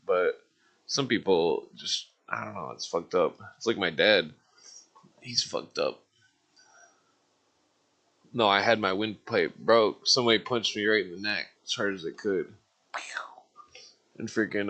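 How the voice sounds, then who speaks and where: Man, caller, low-pitched voice, casual rambling story, constant swearing, lots of filler words. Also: pushed and bright. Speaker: caller on a live call-in stream.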